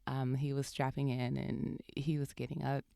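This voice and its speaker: Podcast host: young woman, low husky-edged voice with some fry, warm and dry, chatty and giggly. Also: level tone, normal speed, no echo. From California. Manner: laughs often while telling a story. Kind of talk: casual storytelling.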